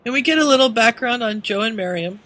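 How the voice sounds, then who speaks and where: A podcast co-host recaps a story with animated energy, slipping into little voices for quoted lines. The voice sits at a middle pitch and the delivery is casual. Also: quick pace, rough recording.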